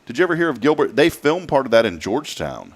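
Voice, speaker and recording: A man's voice: medium pitch, big pitch swings, fast, breathy edge. A man hosting a morning talk show, rambling and often restarting his sentences. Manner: rambling, self-interrupting, chatty. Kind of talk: casual chat.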